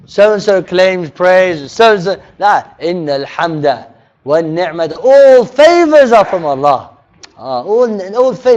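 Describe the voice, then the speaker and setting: Animated man teaching. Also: high voice. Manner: animated, often checks in with listeners. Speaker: religious teacher. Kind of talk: lively workshop teaching. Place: mosque hall. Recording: dull lo-fi recording.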